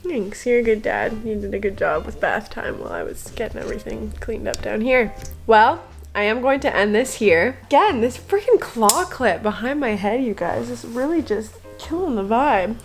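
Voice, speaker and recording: A young woman and expecting mother talking to her viewers in a chatty, upbeat vlog style. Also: mid-range voice. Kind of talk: casual vlog chat.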